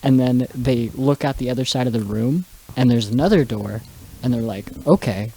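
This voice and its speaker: A man's voice: medium pitch, normal speed, slight background noise, low-quality recording. A man co-hosting a casual podcast, telling a story with growing energy. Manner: animated storyteller, speeds up as he tells a joke. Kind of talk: casual chat.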